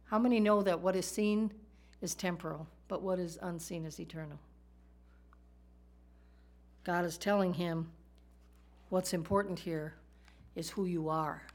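A woman's voice: fairly low pitch, a little mellow. A woman teaching a sermon in a conversational way, asking her listeners rhetorical questions. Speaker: Bible teacher.

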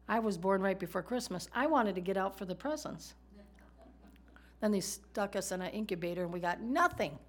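A woman's voice: medium pitch, expressive, moderate pace. A woman teaching a sermon in a conversational way, asking her listeners rhetorical questions. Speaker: Bible teacher.

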